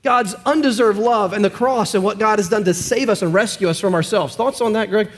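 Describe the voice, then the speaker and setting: A man's voice: high-pitched, brisk. A man, a pastor, telling stories and preaching in an earnest, emphatic way during a team sermon discussion.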